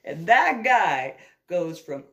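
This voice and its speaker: A woman's voice: fairly low pitch, big pitch swings, slow pace, a bit bright. A woman and army veteran telling a story in a casual way, laughing often and acting out every voice.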